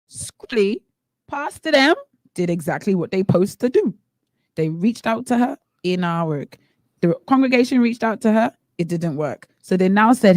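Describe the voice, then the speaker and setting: A woman's voice: medium pitch, lively intonation, moderate pace, a little mellow, no room sound. A woman from the Bahamas co-hosting a radio talk show, opining with emphatic rhetorical questions in casual chat. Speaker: radio co-host. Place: radio studio.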